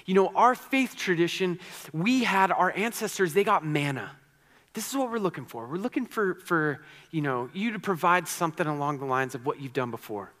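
A man's voice: fairly high pitch, lively intonation, normal speed, fairly bright tone, big-room sound. A man preaching a sermon in a conversational, earnest way, often repeating words and restarting sentences. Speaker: pastor.

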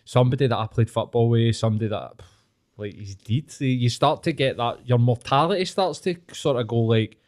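A man's voice: mid-range voice, normal speed, a little mellow. A Scottish man in his late thirties with a Glaswegian accent, telling frank, swear-filled stories in a casual podcast chat. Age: 30s.

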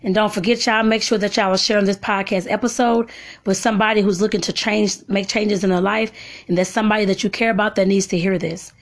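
A woman with a drawl reads a self-help text aloud at a slow, deliberate pace, as a podcast host. Between passages she drops into folksy, chatty asides to her listeners. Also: medium pitch, steady tone.

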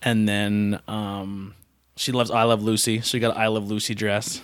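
A man's voice: lowish voice, level tone, normal speed, clear, resonant tone, no room sound. A man hosting a casual interview podcast, joking and acting out quotes in silly voices. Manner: jokey, acts out quotes in put-on voices. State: out of breath. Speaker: podcast host.

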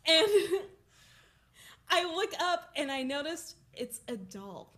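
A young woman co-hosting a casual podcast, telling a story with lively, profane energy. Her voice sits a little high and sounds bright and sharp. She acts out the other people in her story as she goes. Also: takes it slowly. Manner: animated, swearing, laughing storyteller. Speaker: podcast co-host.

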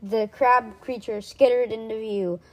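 A woman reading a children's storybook aloud in a fairly high voice. Her narration is lively, with small stumbles she quickly corrects. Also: rough recording.

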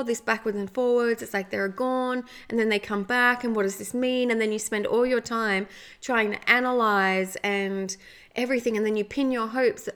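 With a slightly high, fairly bright and smooth voice, a woman talks at normal speed and a steady tone on her motivational podcast. Her chatty style is peppered with "like" and "right?".

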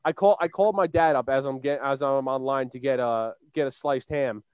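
A young co-host from Long Island, New York, rambles through a story on a casual chat show, stumbling over restarts and fillers. He talks briskly in a mid-range voice that is clean and a little mellow, with no room sound.

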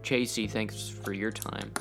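A man's voice: fairly low pitch, level tone, a little slow, creaky, fairly bright tone, soft background music. A man co-hosting a podcast that reviews a TV series, recapping the plot and making predictions with playful enthusiasm. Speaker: podcast co-host. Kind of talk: casual TV review chat.

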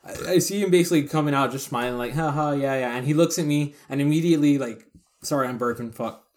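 A man's voice: fairly high pitch, fast, darkish tone. A man casually telling a spooky story on a podcast, cursing and rambling, acting out the other people's lines. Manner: profane, rambling, acts out quoted voices. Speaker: podcast co-host.

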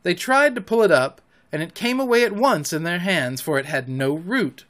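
A man reads a classic story aloud, with his pitch climbing and falling freely through the lines. His voice sits a touch high for a man. The reading is expressive and unhurried. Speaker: narrator. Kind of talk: audiobook narration.

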